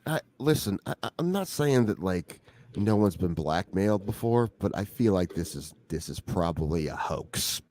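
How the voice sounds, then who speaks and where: A man's voice: low-pitched, expressive, moderate pace, darkish tone. A man, co-hosting a podcast, talking loosely and joking, swearing freely. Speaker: podcast co-host. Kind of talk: casual chat.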